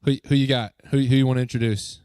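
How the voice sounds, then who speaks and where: A man leading a youth group as its pastor, upbeat and joking, coaxing the crowd with quick questions. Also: medium pitch, fairly even intonation, darkish tone, clean tone, no echo. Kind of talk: lively talk to a youth group. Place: church youth room.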